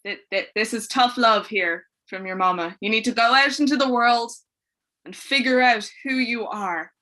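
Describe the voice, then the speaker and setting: A woman's voice: fairly high pitch, moderate pace, bright, forceful tone. A woman voicing a wealthy, bossy mother pig who speaks with haughty command.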